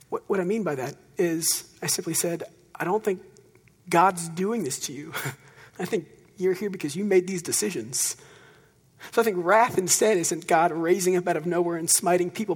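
A man preaching a sermon in a relaxed, conversational storytelling way, with dry self-deprecating humor. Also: high-pitched, slightly rough, in a large hall. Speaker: pastor.

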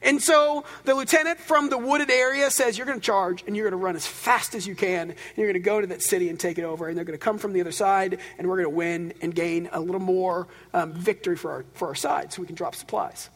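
A man preaching a sermon, telling stories with animated swings between loud, driven passages and hushed, quiet ones. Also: high-pitched, fast, few pauses. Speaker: pastor. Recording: long reverb of a large hall.

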